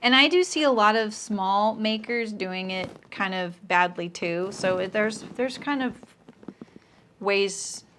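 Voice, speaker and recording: A middle-aged woman talks casually to her viewers during a live sewing stream, answering comments and joking. Her voice sits at an ordinary pitch, and she restarts her sentences often and drops into quiet asides. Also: takes it slowly, a little hiss or hum. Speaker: sewing pattern designer hosting a live stream.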